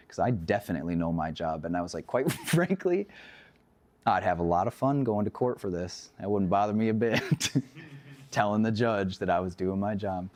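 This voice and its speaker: A man teaching a class on emergency medical care, telling animated stories from the job and acting out the dialogue, laughing often. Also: on the low side. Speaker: EMS instructor. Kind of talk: casual classroom lecture with stories.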